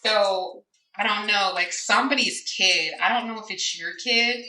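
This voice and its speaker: A woman's voice: mid-range voice, normal speed, bright, forceful tone. A woman giving a casual card reading, musing and hesitant, speaking aloud to Spirit with many fillers. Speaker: tarot and oracle card reader. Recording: echoey room, distant mic, faint noise.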